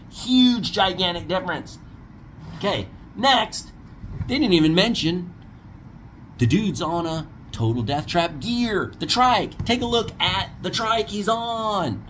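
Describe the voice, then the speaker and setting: A man's voice: sits high, sing-song, normal speed, fairly bright tone, slight background noise. A man ranting bluntly in a commentary video, mocking others and giving safety warnings as a paramotor dealer.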